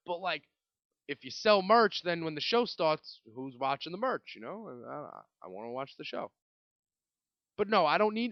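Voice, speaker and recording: Animated New man ranting on a podcast. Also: a little high, no room sound, lo-fi sound. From Brooklyn, New York. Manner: ranting, swearing, rambling with restarts. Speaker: podcast host. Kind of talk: casual solo podcast monologue.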